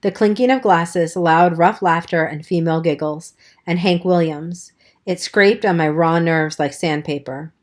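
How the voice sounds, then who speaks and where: Female audiobook narrator, lower voice, even storytelling. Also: measured pace. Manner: steady storytelling. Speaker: audiobook reader. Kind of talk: scripted narration.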